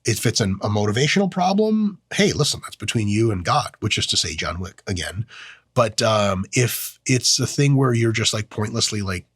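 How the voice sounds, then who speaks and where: Here the fitness host's voice is lowish and slightly rough, captured in clean studio sound without echo. His casual talk on training and diet stays animated, crude, and jokey.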